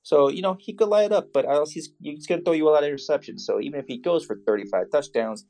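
A man co-hosting a fantasy football podcast in casual chat, dry and jokey in a measured way. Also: on the high side, mellow.

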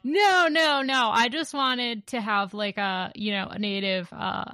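A woman's voice: a little high, steady tone, a little slow, sharp tone, clean tone, no room sound. A woman co-hosting a comic book podcast in casual chat, giggly and enthusiastic, swearing freely.

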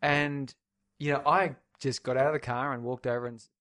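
A man's voice: mid-range voice, steady tone, brisk, a bit bright. A man from Australia co-hosting a casual podcast, telling a wry personal anecdote. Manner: anecdotal, wry, laughs at his own story. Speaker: podcast co-host. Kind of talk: casual chat.

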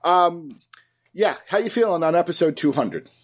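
A man's voice: fairly high pitch, expressive, moderate pace, husky. A man co-hosting a podcast in casual chat, joking and self-deprecating. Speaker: podcast co-host.

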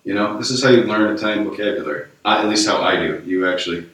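A man's voice: fairly low pitch, quick pace, fairly bright tone. An American man, a priest, telling a rambling story in casual conversation, with lots of fillers. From United States. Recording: echoey room, distant mic.

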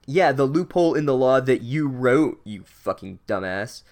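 A man's voice: mid-range voice, lively intonation, moderate pace, a little mellow, lightly acted. A man putting on a mocking voice for an exasperated, scolding wizard mom.

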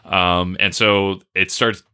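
A man's voice: low voice, flat delivery, takes it slowly, sharp tone, smooth. A man explaining a history topic in casual podcast chat, rambling with fillers and restarts. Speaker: podcast co-host.

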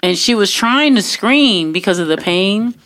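Animated young woman telling a story. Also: medium pitch, unhurried, dry recording, studio quality. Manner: animated, acts out quotes, many fillers and restarts. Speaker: guest telling a personal story. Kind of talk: casual spoken storytelling.

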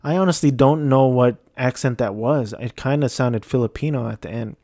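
A man's voice: mid-range voice, moderate pace, mellow, no room sound. A man giving a casual, rambling movie review, hesitant and self-deprecating.

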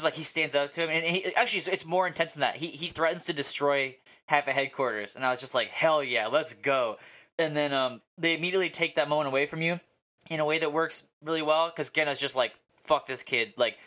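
A man co-hosting a podcast, rambling excitedly through a casual episode recap with lots of fillers and swearing. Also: fairly high pitch, fast talker. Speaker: podcast co-host.

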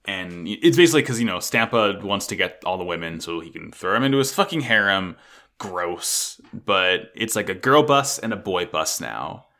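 A man's voice: low voice, lively intonation, moderate pace, sharp tone. A man co-hosting a casual podcast chat about an anime episode, sarcastic and full of profanity. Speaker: podcast co-host.

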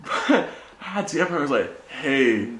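A man's voice: a little high, moderate pace, background noise. Young man telling stories, echoey room. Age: young adult. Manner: animated storytelling, says bro a lot. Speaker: podcast host. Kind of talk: casual chat.

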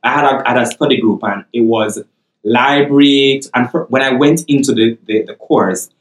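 A man with a Jamaican accent chatting on a podcast, telling a story with animated, laughing delivery. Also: mid-range voice, normal speed, roomy sound, poor audio. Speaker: podcast co-host. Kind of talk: casual podcast chat.

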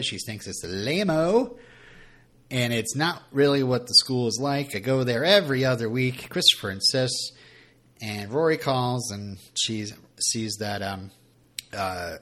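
Podcast co-host, male, chatty and rambling; lively pitch swings. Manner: rambling, animated, many fillers. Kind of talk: casual TV recap chat.

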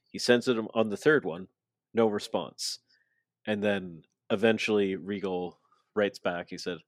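Brief: low-voiced man, casual podcast recap, dry close mic. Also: measured pace, dry recording. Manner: retells events, acting out quotes loosely. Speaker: podcast co-host. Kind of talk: casual wrestling recap chat.

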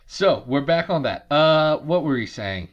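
A man's voice: fairly high pitch, animated, measured pace, highs cut off. A man hosting a podcast, recapping a movie in casual chat with sarcastic asides over a remote call. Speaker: podcast host.

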